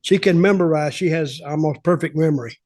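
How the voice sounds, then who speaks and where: An older man, a podcast host and former wrestling insider, tells stories in a casual interview, speaking plainly with wry asides. His voice is on the high side with a darkish tone, and he talks briskly.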